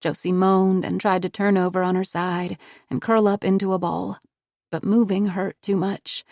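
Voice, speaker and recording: A woman reading a thriller audiobook in a steady, measured voice on a close studio mic. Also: medium pitch, gravelly, no echo. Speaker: audiobook narrator. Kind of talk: scripted narration.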